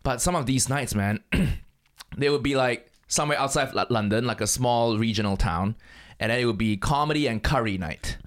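A man's voice: mid-range voice, moderate pace. A man from Malaysia, a stand-up comedian, telling laid-back stories in casual chat and swearing freely.

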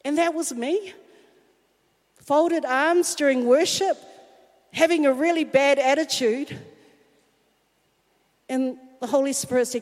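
A woman's voice: very high-pitched, a little slow. A woman telling a candid, self-mocking personal story in a sermon. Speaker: speaker at a church talk. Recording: long hall reverb.

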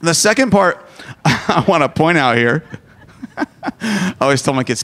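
A man's voice: mid-range voice, animated, normal speed, pauses often, fairly bright tone. A man in his forties preaching a sermon, joking and self-deprecating as he talks. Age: 40s. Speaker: pastor.

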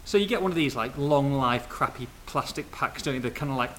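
A man hosting a casual football podcast, telling funny anecdotes in a lively way and laughing often. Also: mid-range voice, brisk, a little hiss or hum. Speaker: podcast host.

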